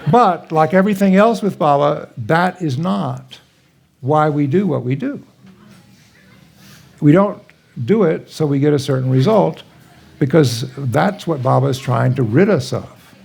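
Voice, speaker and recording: Older man with a gravelly, husky voice. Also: on the high side, expressive. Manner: gentle, halting, searching for words. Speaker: guest speaker at a spiritual gathering. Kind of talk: reflective talk with personal stories. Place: live talk to a gathered audience.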